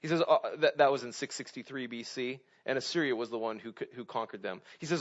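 A man preaching a sermon in a conversational way, often asking "right?" and swinging between loud emphasis and hushed asides. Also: mid-range voice, fast talker, lo-fi sound. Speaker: pastor.

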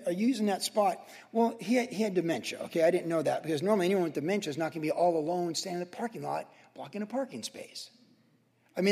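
A man in his sixties delivers a sermon in a chatty, story-driven way, his fairly high voice carrying a gravelly edge. The sound rings out with a long reverb, as if in a large church hall. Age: 60s. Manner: anecdotal, conversational storytelling with quick asides. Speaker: pastor.

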